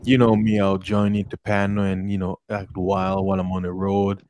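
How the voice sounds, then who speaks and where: Man, low voice, slow deliberate coaching delivery, casual voice chat, faint background hiss. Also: little pitch movement, darkish tone. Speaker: group member giving advice.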